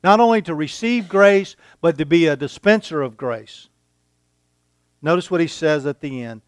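A man preaching a sermon, reading scripture aloud and pausing for effect between phrases. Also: a little high, no echo, studio quality. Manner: slow, deliberate preaching with dramatic pauses, reading scripture aloud. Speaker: pastor.

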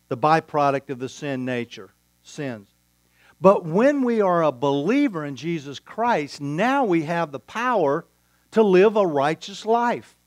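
A man preaching a sermon as a pastor, telling a story with quoted dialogue and deliberate pauses. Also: a little high, no echo.

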